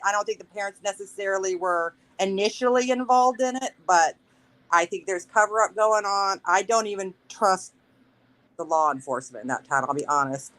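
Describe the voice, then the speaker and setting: A woman's voice: medium pitch, a bit bright, poor audio. A woman calling in to a live talk show, speaking in an emotional, rambling and insistent way. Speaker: caller. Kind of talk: casual call-in chat.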